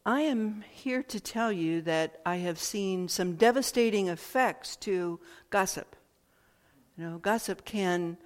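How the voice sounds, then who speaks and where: Reflective woman in a reverberant hall. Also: mid-range voice. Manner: thoughtful, slow, with repeated phrases and pauses. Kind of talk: reflective spoken talk.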